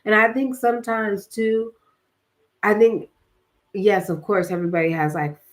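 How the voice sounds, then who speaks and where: Speaking at a moderate pace with a steady tone and medium pitch, a young livestream host leads a casual spiritual session. Fresh from a workout and tired, she rambles and uses lots of fillers and slang.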